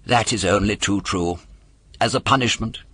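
A man's voice: fairly low pitch, normal speed, pushed and bright, husky. A man voicing an earnest wooden puppet boy who stammers when flustered.

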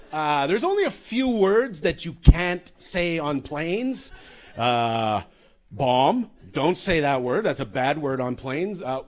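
A man from Canada, a comedian giving a comedic storytelling talk in a loose, profane, animated way. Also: fairly high pitch, slow. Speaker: comedian and speaker.

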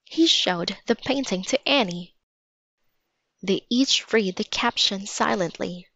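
Woman reading a kids chapter book real slow, flat dry sound, bit lo-fi. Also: medium pitch, gravelly, no echo. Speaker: storybook reader.

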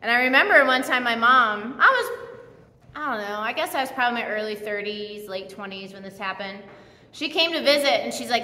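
A woman in her thirties giving a conversational sermon, telling personal stories with lively quoted asides. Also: on the high side, fairly quick. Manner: chatty storytelling with acted quotes. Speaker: church speaker. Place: church hall. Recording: roomy hall reverb.

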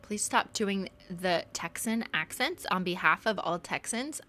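A woman's voice: on the low side, expressive, a little slow, few pauses, bright, forceful tone. A young woman streaming a game live, playfully commenting and reading letters aloud, joking around and slipping into mock accents.

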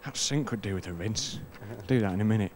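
A man's voice: lowish voice, darkish tone, close to an everyday voice. A man doing cheeky weatherman. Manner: camp, teasing patter in rapid one-liners. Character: cheeky male weather presenter Sheephead, mischievous. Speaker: comedy weatherman figure.

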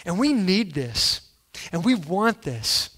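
A man preaching a sermon as pastor, animated, acting out quoted lines and punching key words loudly. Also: high voice, slow, breathy edge. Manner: animated, acts out quotes, sudden loud emphasis.

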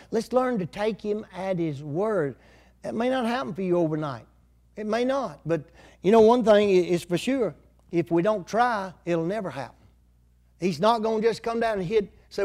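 A man's voice: high voice, normal speed, a little mellow. An older man preaching a sermon in a folksy, conversational way.

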